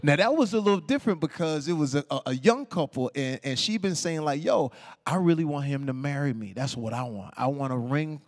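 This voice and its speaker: A man telling animated stories as the guest of a live stage interview, acting out the people he quotes. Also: on the high side, a little fast. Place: onstage talk before a live audience.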